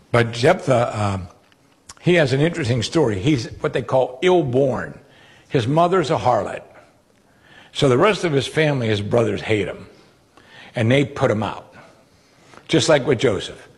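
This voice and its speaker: A man preaching a sermon, retelling Bible stories with animated quoted voices. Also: medium pitch, husky.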